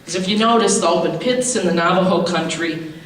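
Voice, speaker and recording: Fervent high-voiced man in a hall. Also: a little fast, a bit bright. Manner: fervent, rambling, builds to outcry. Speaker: public commenter at a hearing. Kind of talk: impassioned public comment. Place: large public meeting hall. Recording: echoey hall, distant mic, faint noise.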